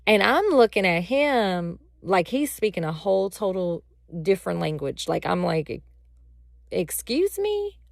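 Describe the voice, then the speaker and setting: A woman vlogger telling a personal story in a casual, animated way, speaking straight to her viewers. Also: fairly low pitch, normal speed, vocal fry, few pauses, dry recording, clean studio sound. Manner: animated, addresses viewers directly.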